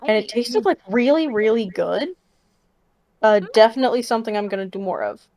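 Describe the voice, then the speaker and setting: A woman's voice: a little high, fairly quick, darkish tone. A woman chatting casually and friendly during a game session. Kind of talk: casual chat.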